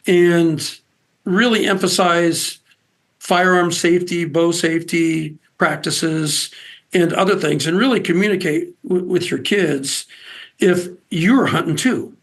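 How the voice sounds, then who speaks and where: A man chatting as a podcast guest, talking in a lively way with frequent restarts and repeated words. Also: high voice. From Nebraska. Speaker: interview guest, outdoors TV host. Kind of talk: casual storytelling chat.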